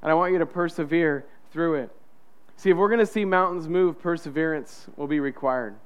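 A man's voice: fairly high pitch, fairly quick, clean tone. A man preaching a sermon as pastor, in a conversational way, acting out the inner voices of the people he describes.

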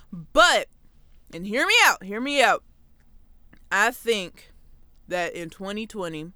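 A young woman hosting a comedy podcast solo, talking in an animated, sarcastic and playful way. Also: sits high, clean tone, dry recording. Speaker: podcast host.

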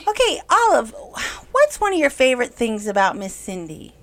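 A woman's voice: a little high, huge pitch swings, normal speed, fairly bright tone. A middle-aged woman hosting a casual podcast for an early childhood center, chatty and cheerful as she talks with young children.

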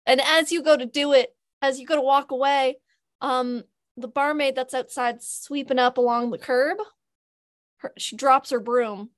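A woman's voice: sits high, steady tone, unhurried, no echo, studio quality. A woman running a tabletop role-playing game as game master, narrating with hesitant fillers.

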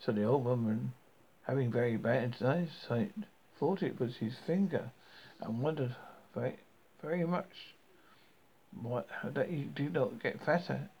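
A man reading a fairy tale aloud, halting and often stumbling over words, on a dull lo-fi recording. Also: mid-range voice, slightly rough. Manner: halting, with frequent stumbles and restarts. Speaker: storybook reader.

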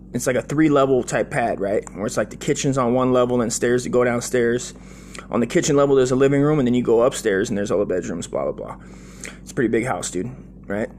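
A man's voice: medium pitch, a little mellow, slight background noise. A man in his forties casually telling a long childhood story, profane and loose, with lots of "dude" and "right?".

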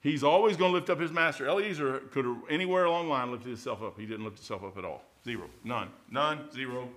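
A man preaching an informal sermon, folksy and conversational, rising loud and then dropping quiet. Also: mid-range voice, fast talker, hardly any pauses.

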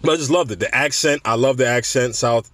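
A man's voice: medium pitch, fairly quick. A young man from New York hosting a podcast, rambling through casual stories with restarts and laughs. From New York City. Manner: rambling, animated storytelling with frequent restarts and laughs. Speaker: podcast host.

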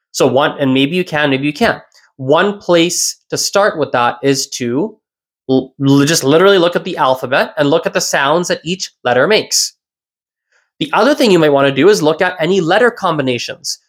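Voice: mid-range voice, lively intonation, moderate pace. A language teacher hosting a solo educational podcast, explaining step by step, repeating key points and asking rhetorical questions.

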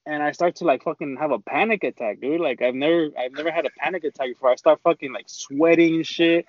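A man's voice: a little high, fast. Young man telling a profane story. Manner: rambling, profane, slangy storytelling. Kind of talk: casual chat. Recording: dull lo-fi dry recording.

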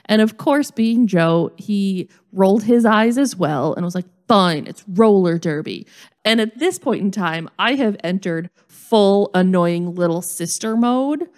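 Woman mid-pitch, casual podcast chat, animated and poking fun at herself. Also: unhurried, hardly any pauses. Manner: animated, self-mocking storyteller.

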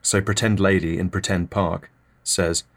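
Deadpan man, low voice. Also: unhurried, vocal fry. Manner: deadpan and absurd. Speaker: podcast host. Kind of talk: deadpan comic monologue.

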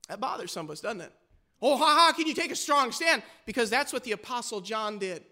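A man's voice: very high voice, sing-song, a little fast, sharp tone. A male pastor preaching a sermon with fervor, pressing his listeners with rhetorical questions.

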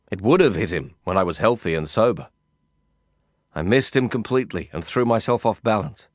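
Low-voiced man narrating a brooding novel. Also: dry recording, clean studio sound. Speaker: audiobook narrator. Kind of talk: first-person novel narration.

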